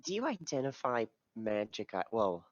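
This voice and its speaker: A man's voice: lowish voice, huge pitch swings, moderate pace, dry recording, highs cut off. A man playing in a tabletop game, casually describing what his character does. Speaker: player. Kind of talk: tabletop role-play.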